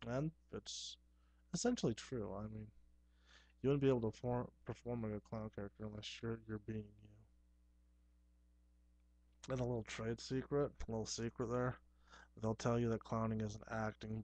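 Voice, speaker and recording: A man's voice: fairly low pitch, a little mellow, no room sound. A man, a clown performer, talking through a casual rambling monologue in an earnest, self-assured way, often restarting his sentences.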